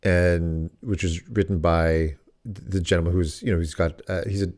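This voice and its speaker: Male podcast co-host, very low voice, casual, meandering storyteller. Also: steady tone, normal speed, darkish tone. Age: adult dad. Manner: rambling, many restarts and "like" fillers.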